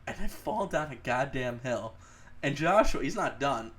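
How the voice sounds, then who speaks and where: A man's voice: mid-range voice, lively intonation, normal speed, a bit bright. A young man co-hosting a podcast, telling a story in casual chat. He swears a lot and laughs as he tells it. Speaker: podcast co-host.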